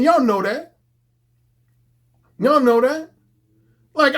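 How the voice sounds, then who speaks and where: A man's voice: high voice, a bit bright. A middle-aged man, a dating coach, talking bluntly and profanely in a casual unscripted monologue.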